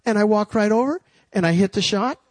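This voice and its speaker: A man preaching with a slightly high voice, recorded dry and close. He swings from long, ringing cries of praise down into a low, folksy, chatty way of telling a story, laughing at himself along the way. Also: fairly quick, no room sound. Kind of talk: sermon with a told story.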